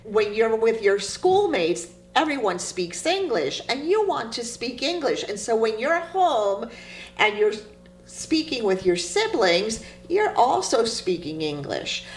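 A woman from Cuba, a poet, telling stories in an interview with an animated manner and frequent laughter. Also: on the high side, a little slow, a little hiss or hum, poor audio. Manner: animated storytelling, laughs often. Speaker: poet guest. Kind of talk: interview conversation.

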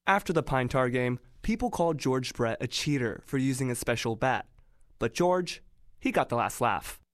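A man's voice: medium pitch, animated, moderate pace. A man narrating a radio story in a playful, wry scripted style.

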